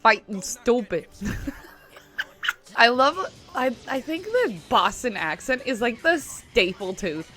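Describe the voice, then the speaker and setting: A woman's voice: a little high, big pitch swings, slow pace, pauses often, fairly bright tone, soft background music. A young woman casually commenting while she watches a cartoon, chatty and amused, talking back to the screen. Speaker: reaction vlogger.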